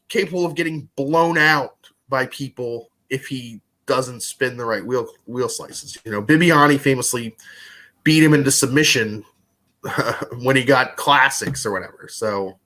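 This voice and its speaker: Bright rambling male podcast co-host. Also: medium pitch, unhurried. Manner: rambling, heavy use of "like". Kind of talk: casual chat about a trivia competition.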